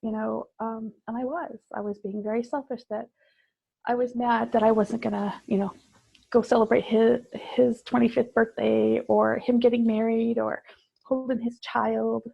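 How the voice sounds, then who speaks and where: A woman guest sharing a personal story in conversation, reflective and halting, with many fillers. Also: on the high side, little pitch movement, gravelly, husky, dry recording, highs cut off.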